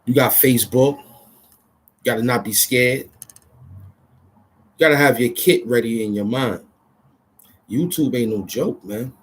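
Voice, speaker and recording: A man from Harlem, freestyling and talking to camera in a swaggering, profane way, swinging from loud shouts to low mutters. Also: slow pace, pauses often, breathy edge. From Harlem, New York. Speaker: rapper and vlogger. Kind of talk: freestyle rap and street talk to camera. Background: loud music.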